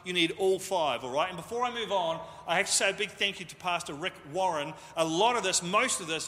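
High, bright-voiced male pastor preaching. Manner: jokey, self-deprecating, conversational. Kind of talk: sermon. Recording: echoey hall reverb.

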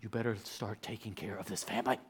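A man's voice: on the low side, steady tone, fast, slight background noise, voice pushed down, natural voice. A man voicing his exasperated wife, scolding in a stern tone. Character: exasperated wife, fed-up mother.

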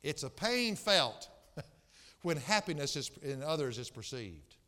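A man preaching a sermon as pastor, swinging from soft, low passages to loud, impassioned outbursts. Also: sing-song, a little slow, big-room sound.

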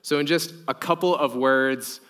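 A man's voice: medium pitch, moderate pace, a bit bright. A young man preaching a sermon in an earnest, conversational way, with casual fillers. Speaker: pastor.

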